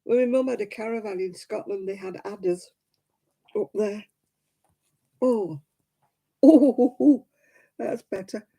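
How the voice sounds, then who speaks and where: A woman's voice: mid-range voice, unhurried, gravelly, pauses often, warm tone, poor audio. A middle-aged woman, hosting a homely livestream and chatting with viewers while she crochets. She laughs often and counts her stitches aloud. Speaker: livestream host. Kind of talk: casual chat while crocheting, answering viewers.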